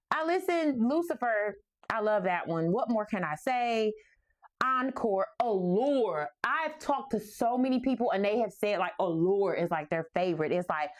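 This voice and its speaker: Animated New York woman telling stories. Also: a little high. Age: 40s. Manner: animated, playful, laughs often. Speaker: host. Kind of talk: casual storytelling about music.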